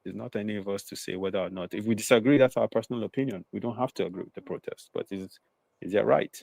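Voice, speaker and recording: Gravelly man arguing his point. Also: lowish voice, a little mellow, no room sound. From southern Nigeria. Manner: measured, argumentative, frequent "you know". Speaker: panelist. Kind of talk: live talk show discussion.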